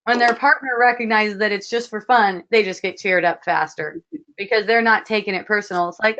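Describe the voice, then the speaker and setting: A woman hosting an online spiritual dialogue, speaking gently and repetitively, often asking "see?". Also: medium pitch, fairly quick, highs cut off. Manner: soft, repetitive, frequently asks "see?". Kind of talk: gentle spiritual guidance talk. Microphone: video call.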